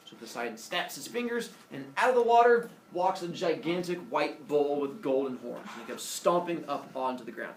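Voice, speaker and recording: A man casually retelling a myth with playful, animated delivery and silly character voices. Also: a little high, brisk, few pauses. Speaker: storyteller. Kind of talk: casual oral storytelling. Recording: echoey room, mic from far off, faint noise.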